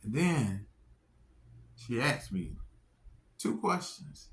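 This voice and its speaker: A man giving an earnest religious testimony, speaking deliberately and stressing key phrases. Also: fairly low pitch, expressive, a bit bright.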